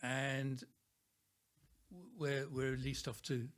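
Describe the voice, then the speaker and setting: A soft-spoken man, a guest on a podcast, telling a story about working as an actor. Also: mid-range voice, fairly even intonation, slow pace. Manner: soft-spoken, acts out voices in his story. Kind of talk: casual storytelling.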